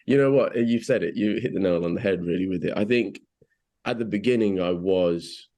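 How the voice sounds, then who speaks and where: A man with an English accent, an actor chatting in an interview, often restarting his sentences and getting animated when he retells what was said. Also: low voice, brisk. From England. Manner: hesitant, many restarts and fillers, animated when quoting. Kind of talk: casual interview chat.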